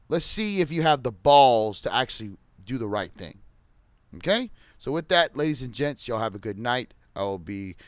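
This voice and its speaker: A man's voice: fairly low pitch, bright, forceful tone, clear, resonant tone, dry recording. A middle-aged man, a podcaster and musician, ranting angrily to camera with lots of swearing and a repeated "Okay?". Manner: heated, profane, repeats "Okay?". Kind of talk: angry rant to camera.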